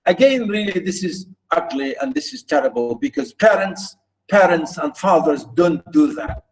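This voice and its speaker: A man's voice: high-pitched, lively intonation, moderate pace, creaky, poor audio. A man teaching a literature lesson, explaining a passage by restating points again and again with emphasis. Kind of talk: recorded literature lecture.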